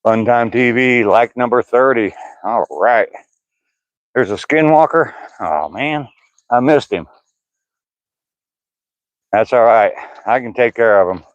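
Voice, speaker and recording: During a walk on an outdoor trail, an older man who vlogs reads live chat comments aloud, joking and laughing in a casual live stream. His medium-pitched voice moves slowly with long pauses, and the recording is muffled with no room sound.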